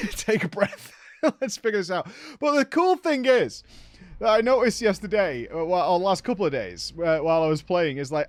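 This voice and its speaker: A man's voice: sits high, no room sound. A man hosting a casual gaming recap, telling the story with laughs and acted-out quotes. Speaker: gaming streamer host.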